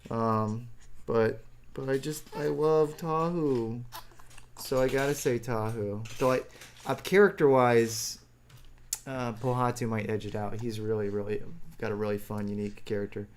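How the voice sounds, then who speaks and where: A man's voice: medium pitch, steady tone, a little slow, a little hiss or hum. A man streaming live, answering viewer chat in a rambling, self-deprecating way and chuckling often.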